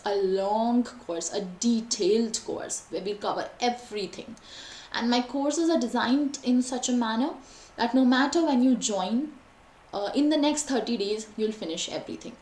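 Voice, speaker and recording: A young woman teaching an online exam-prep lesson, with lively, varied intonation and frequent fillers. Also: a little high. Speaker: IELTS teacher. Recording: echoey room, faint background noise.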